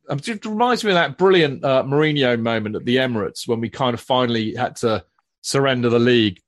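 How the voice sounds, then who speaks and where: A man's voice: medium pitch, fairly quick, no echo. Emphatic man, dry sound. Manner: emphatic, repeats phrases for weight. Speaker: podcast co-host. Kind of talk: casual football chat.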